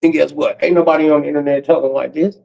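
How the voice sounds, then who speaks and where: A man in his forties doing a profane comedic rant on a livestream, breaking into cackles and swinging from loud outbursts to low mutters. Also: level tone, fast, vocal fry, low-quality recording. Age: 40s.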